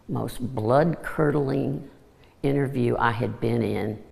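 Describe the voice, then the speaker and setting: Very deep, gravelly older woman. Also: darkish tone, in a large hall. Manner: slow, grave and emphatic. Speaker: retired interviewer. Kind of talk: interview recollection.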